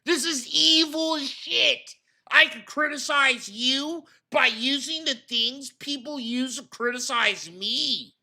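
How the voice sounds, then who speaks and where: A man streaming a reaction video, commenting with angry, mocking profanity and outbursts of shouting. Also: very high voice, takes it slowly, vocal fry.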